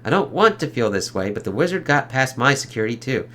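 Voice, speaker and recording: A man's voice: mid-range voice, very animated, fast talker, fairly bright tone. A man doing a chirpy hijacked robot. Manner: chirpy, polite. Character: hijacked male household robot, cheerful.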